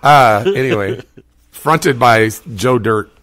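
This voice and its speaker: A man's voice: medium pitch, slow pace, a bit bright, no echo, clean studio sound. A middle-aged American man hosting a podcast, chatting casually, laughing often and rambling. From United States. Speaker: podcast host.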